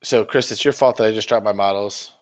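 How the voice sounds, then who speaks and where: A man's voice: lowish voice, steady tone, brisk. A man hosting a casual miniature-painting livestream, rambling and swearing in a self-mocking way as he talks to viewers. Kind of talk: casual live-stream chat while painting.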